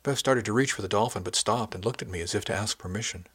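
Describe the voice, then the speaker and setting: Calm guy reading an audiobook in first person, low husky voice. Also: quick pace. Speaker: audiobook narrator.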